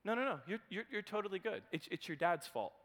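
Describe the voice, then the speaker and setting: A man voicing a small, fragile older male therapist who speaks gently and softly. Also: high-pitched, animated, fast talker, long reverb tail. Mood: hushed, gentle. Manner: hushed, gentle and probing.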